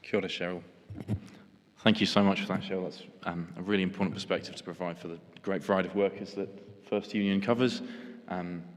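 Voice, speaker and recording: A man chairing a meeting, talking briskly with fillers. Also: deep voice, fairly even intonation. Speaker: chair of the session. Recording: echoey hall.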